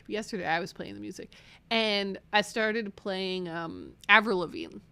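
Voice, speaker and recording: A woman's voice: mid-range voice, moderate pace, sharp tone, smooth. A Canadian woman co-hosting a podcast, chatting casually, giggling and reading out listener comments. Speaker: podcast co-host.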